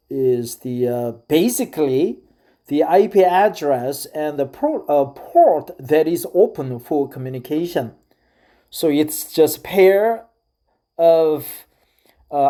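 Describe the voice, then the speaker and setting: A middle-aged Korean-accented man talks through a casual vlog monologue in careful, unhurried English. His tone is mellow and dark, and he stops often to fill pauses while searching for words. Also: fairly high pitch. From South Korea. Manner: hesitant, with frequent filler pauses. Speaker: vlogger.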